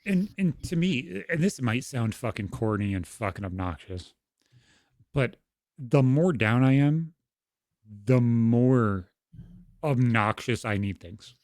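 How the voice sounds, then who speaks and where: A man's voice: mid-range voice, animated, takes it slowly, a little mellow, no echo, clean studio sound. Frank, foul-mouthed young man. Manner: frank, heavy swearing, storytelling. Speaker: podcast co-host. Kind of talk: casual podcast conversation.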